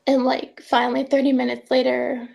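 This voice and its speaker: Woman, documentary interviewee, gravelly voice, fairly high pitch, earnest halting retelling. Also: completely flat delivery, a little mellow. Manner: earnest, halting first-person retelling with restarts. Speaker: interviewee, mother recounting events. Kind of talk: documentary testimony.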